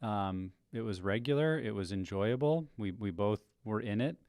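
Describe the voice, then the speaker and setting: A married man speaking on a podcast in a measured, thoughtful way. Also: on the low side, animated, darkish tone, dry recording. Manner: measured and thoughtful, with some restarts. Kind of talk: reflective podcast discussion.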